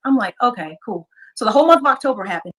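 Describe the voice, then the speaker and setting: A woman guest telling a story in casual chat, retelling conversations quickly. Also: on the high side, lively intonation, fairly bright tone. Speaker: podcast guest.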